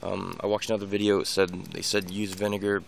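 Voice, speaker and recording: Deep, gravelly male vlogger; loose rambling delivery full of restarts; faint background hiss. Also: little pitch movement, a little fast. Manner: rambling, many restarts and repeated words. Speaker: dog owner giving training tips. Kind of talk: casual unscripted vlog monologue.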